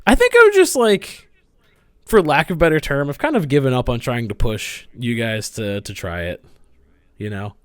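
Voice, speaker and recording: A man with a mid-pitched voice that rises and falls a lot, chatting loosely on a podcast, rambling and swearing casually. The sound is dry and close. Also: sing-song, normal speed, fairly bright tone, clean tone, dry recording. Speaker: podcast co-host. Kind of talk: casual chat.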